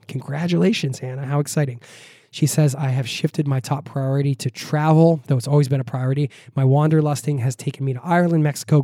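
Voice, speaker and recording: A man's voice: mid-range voice, warm tone, no echo, studio quality. A man hosting a podcast. He reads listener mail and signs off in an upbeat, encouraging way, with a scratchy voice from being sick. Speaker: podcast host. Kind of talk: reading listener mail and signing off.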